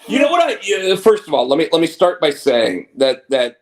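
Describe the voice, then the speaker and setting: A man co-hosting a casual wrestling chat, animated and swearing often while acting out quotes. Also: on the high side, fairly quick. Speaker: podcast co-host.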